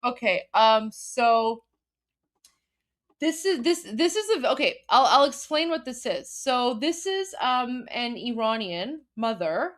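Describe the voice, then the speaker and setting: A woman's voice: on the high side, lively intonation, slow, a bit bright. Emphatic woman hosting a live show. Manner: emphatic, repeats herself, many restarts. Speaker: host translating a video. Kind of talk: live commentary.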